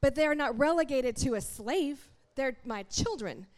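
A woman preaching a sermon in a church, talking straight to the congregation in an animated, conversational way. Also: high voice, normal speed.

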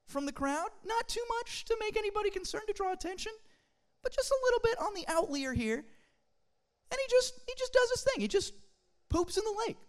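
A young adult telling a funny story to a church group, in a chatty, animated way with casual fillers. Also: sits high. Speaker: speaker at a church youth gathering. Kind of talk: humorous storytelling talk to a group.

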